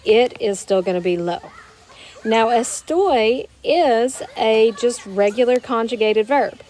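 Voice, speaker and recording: A woman teaching a Spanish grammar lesson to her students, explaining step by step and slowing down to model each Spanish word. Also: on the high side, a little mellow. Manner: patient, explanatory, slows down to model Spanish words. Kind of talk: recorded classroom grammar lesson.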